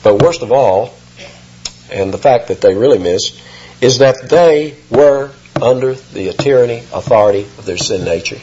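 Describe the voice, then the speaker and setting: Emphatic preacher man, husky and lively. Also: mid-range voice, moderate pace. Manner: emphatic, rising sharply on quoted lines. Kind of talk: expository sermon. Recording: muffled lo-fi sermon recording.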